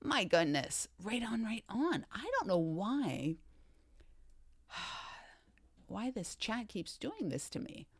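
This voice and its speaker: A woman's voice: medium pitch, big pitch swings, slow, long pauses, slightly rough, no room sound. A woman hosting a casual livestream chat, upbeat and greeting viewers by name with repeated catchphrases. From Canada. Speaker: livestream host.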